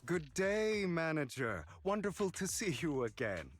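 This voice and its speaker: A man reading game dialogue aloud as a smooth, flattering young male information broker with a theatrical, courteous manner. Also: fairly high pitch, a little slow, soft background music, pitched above the performer's own voice. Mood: charming.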